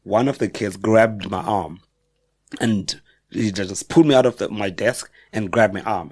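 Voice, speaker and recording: A middle-aged South African man with a South African accent, a guest on a podcast, telling personal stories in a reflective, halting way with frequent self-corrections. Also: fairly low pitch, a little mellow, no room sound. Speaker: guest author. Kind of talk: personal storytelling in a podcast interview.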